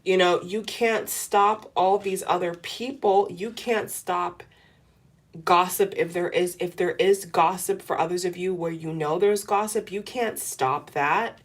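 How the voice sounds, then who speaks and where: A woman's voice: on the low side, steady tone, measured pace. A woman giving a tarot reading to camera, talking in an earnest, repetitive, coaching way. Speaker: tarot reader.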